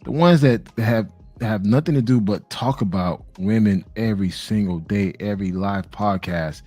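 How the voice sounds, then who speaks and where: A man hosting a podcast discussion, laying out his view in a measured way, point by point. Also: fairly low pitch, a little mellow, no echo, soft background music. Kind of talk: casual discussion.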